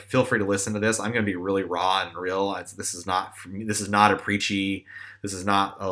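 Young guy podcasting, kinda low but bright voice, rambly and self-deprecating. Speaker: podcast host. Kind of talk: casual personal reflection.

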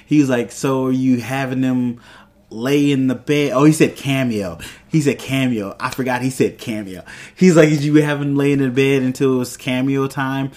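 A man's voice: mid-range voice, steady tone, a little mellow. Casual man rambling through a show recap. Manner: rambling, retells scenes with quick quoted voices. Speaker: TV show reviewer.

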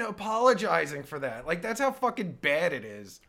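A man's voice: fairly high pitch, wildly swooping pitch, moderate pace, gravelly, few pauses, sharp tone. A man reacting to a recording of his own interview, swearing heavily and ranting in exasperation. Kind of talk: angry reaction commentary.

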